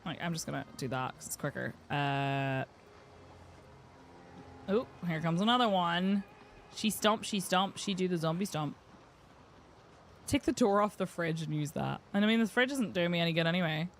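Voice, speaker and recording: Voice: mid-range voice, lively intonation, normal speed, slight background noise. Wry streamer muttering over gameplay. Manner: wry, muttering running commentary. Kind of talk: casual gameplay commentary.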